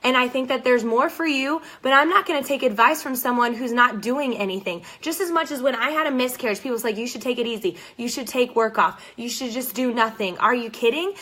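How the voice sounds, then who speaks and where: A woman's voice: fairly high pitch, fairly bright tone. A young woman coaching direct sellers in a fired-up, blunt and sarcastic motivational talk.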